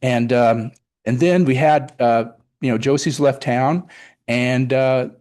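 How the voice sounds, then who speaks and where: A man's voice: mid-range voice, fairly even intonation, takes it slowly, darkish tone. A middle-aged man giving an enthusiastic, rambling report at a public meeting, often retelling conversations. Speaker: car show organizer presenting to town board.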